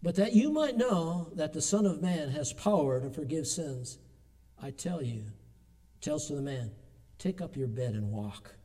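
A middle-aged man preaching a sermon, building to emphatic peaks and dropping into quiet, personal asides. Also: fairly high pitch, expressive, measured pace. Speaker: pastor.

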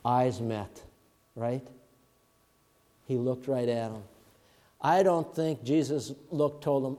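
Man preaching, loud to hushed. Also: medium pitch, takes it slowly, long pauses. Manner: swings from loud emphatic bursts to hushed murmurs. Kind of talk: sermon. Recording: long reverb of a large hall.

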